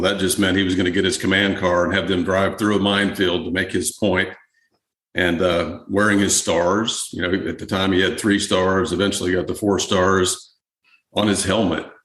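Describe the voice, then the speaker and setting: A man, a historian guest, answering interview questions in a relaxed, conversational way with frequent fillers. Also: deep voice, reverberant.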